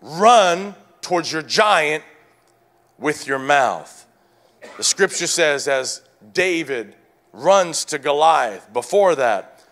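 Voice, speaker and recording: A man preaching a sermon to his church, calling out to the congregation and swinging between shouted declarations and quieter teaching. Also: a little high, vocal fry. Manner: calls out to the congregation. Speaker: pastor.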